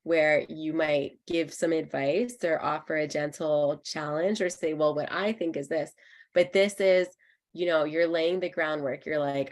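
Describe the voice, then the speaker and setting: A woman's voice: low-pitched, steady tone, unhurried. A woman psychologist giving an online workshop, explaining step by step in a friendly way with frequent ums. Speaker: clinical psychologist presenting a workshop.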